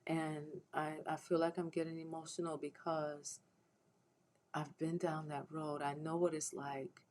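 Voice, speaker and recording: Here a woman with a deep, slightly mellow voice talks a little slowly and keeps her tone level while hosting a faith-based livestream. Her emotional, nearly tearful appeal to viewers is earnest and preacherly, full of restarts and repetition. Slight background noise marks the low-quality recording.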